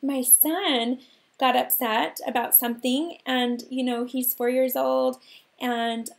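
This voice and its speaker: A woman in her thirties hosting a livestream from home, telling a personal story in an animated way and laughing often. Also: sits high, slow, gravelly. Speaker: host.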